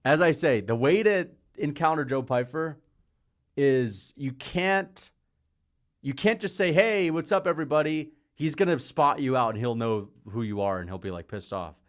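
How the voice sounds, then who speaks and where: A man hosting a casual livestream, chatting and calling fights, rambling from topic to topic, laughing often and getting excited at big moments. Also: medium pitch, measured pace. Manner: rambling, jumps between topics; laughs often mid-sentence. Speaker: livestream host.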